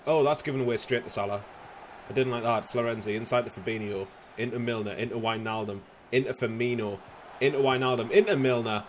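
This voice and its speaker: A young man commentating his own football video game, slightly hoarse, bursting into shouts and laughter at goals. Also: mid-range voice, a little fast, a little hiss or hum. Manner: excitable, shouts at goals, casual swearing. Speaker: gaming youtuber.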